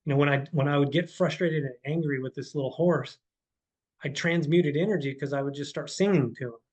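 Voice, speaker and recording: A man with a fairly high voice talks in a loose, rambling way on a podcast. He restarts his sentences, repeats words and keeps dropping in "man" and "dude" as he tells stories from his horse training. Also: fairly quick, low-quality recording. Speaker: podcast guest, horse trainer and life coach. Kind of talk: casual podcast conversation.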